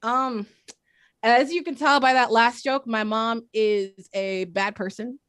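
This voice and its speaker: Young woman from east oakland doing deadpan standup on a video call, clean announcer voice, kinda high, dry sound. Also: slow pace, no echo. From East Oakland, California. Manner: deadpan, crisp announcer-like delivery. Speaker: stand-up comedian. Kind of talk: stand-up comedy set over video call.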